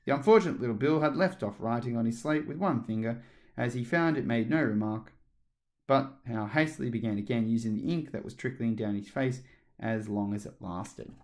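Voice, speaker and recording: A man narrating a children's story aloud with a steady, expressive read and the odd slip. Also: medium pitch, brisk. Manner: steady, expressive reading with small slips.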